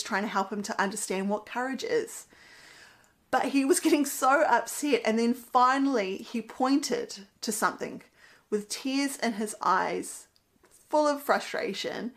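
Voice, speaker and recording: A mother speaks earnestly about parenting in a casual monologue sprinkled with Bible quotes. Her voice is fairly high and her pace moderate, and she laughs now and then at her own stories.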